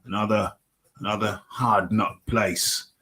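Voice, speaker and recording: Brief: male host, middle-aged, lowish voice, loose chatty recap, repeats lines, chuckles. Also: steady tone, measured pace, pushed and bright. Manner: rambling, repeats phrases, chuckles often. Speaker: host of a combat sports radio show. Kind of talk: casual solo fight recap.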